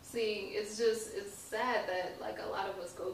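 A woman's voice: mid-range voice, fairly even intonation, unhurried, distant mic. A young woman, an artist guest on a podcast, chatting casually, laughing often and restarting her sentences. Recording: echoey room, voice from off-mic, faint noise.

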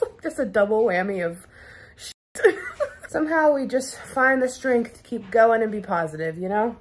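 A young woman talks to her camera at home in a relaxed vlog. Her voice sits a little high with a husky, breathy edge. She is chatty and giggly, her sentences peppered with "like" and "um". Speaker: lifestyle vlogger. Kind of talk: casual vlog chat to camera. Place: at home, bedroom.

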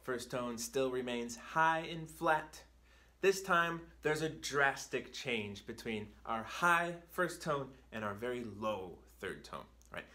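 A male teacher with a bright, forceful voice, talking slowly and carefully. He explains each point patiently and keeps checking in with his students. He pauses to read drill words aloud in a raised voice. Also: mid-range voice, expressive. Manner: slow, patient explanations with frequent checks like "right?". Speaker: Chinese teacher. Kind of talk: video language lesson.

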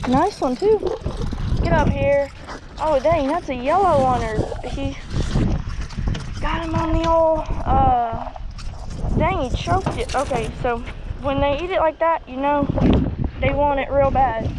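Excitable outdoor fishing vlogger, a man. He talks on a boat in rough weather, and heavy wind noise covers the recording. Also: very high voice. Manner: excitable, talks to himself and the fish. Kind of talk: casual outdoor fishing vlog. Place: small boat on a lake, outdoors in wind and rain. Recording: loud wind and rain noise.

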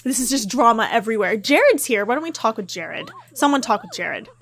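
A woman giving casual, chatty commentary over a life-simulation game, excitable and quick to gasp. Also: a little high, no echo. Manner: chatty and excitable, with gasps and laughs. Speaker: gameplay commentator. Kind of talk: casual let's-play commentary.

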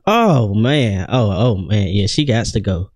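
A man's voice: on the low side, unhurried, noisy background. A man giving a slangy, joking reaction commentary.

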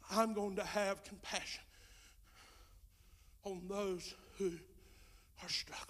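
A male pastor preaching a sermon with passion, dropping to a hush and then rising to shouts, in folksy Southern speech. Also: high voice, flat delivery, slow, pauses often. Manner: impassioned preaching, swinging from hushed to shouting. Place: church sanctuary.

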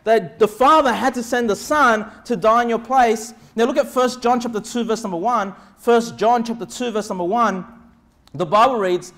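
A man preaching as pastor, with quick asides and sudden shouted lines. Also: very high voice. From Australia. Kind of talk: sermon.

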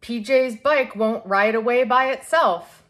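A woman voicing a patient mother who calmly talks her daughter through a quarrel. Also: a little high, a little slow, pitched above the performer's own voice. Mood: gentle. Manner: soft, calm and reasoning. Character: patient gentle mother of a girl.

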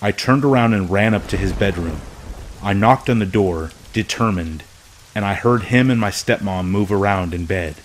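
A man narrating a true scary story from a script, in a slow, hushed, measured way. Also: fairly low pitch, a little hiss or hum, low-quality recording.

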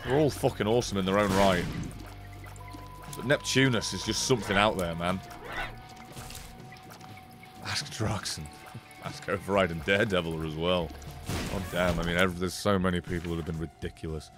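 A man giving casual live-stream commentary while he plays, excitable, swearing often and reacting loudly as he reads chat. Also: low-pitched, moderate pace, pauses often, music in the background. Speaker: game streamer.

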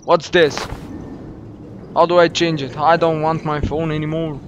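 Young man, gameplay commentary, excitable and jumpy, slightly high voice, faint background hiss. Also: a little slow, highs cut off. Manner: excitable, jumpy, swears when startled. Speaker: gaming YouTuber. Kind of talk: first-play horror game commentary.

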